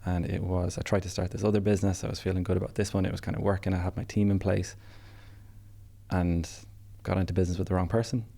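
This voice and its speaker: A man speaks as a podcast guest in a very low, gravelly voice with a dark, mellow tone. He recounts things in a plain, matter-of-fact way with little rise and fall. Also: little pitch movement, fast. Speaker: podcast guest, business founder. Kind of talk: casual podcast interview.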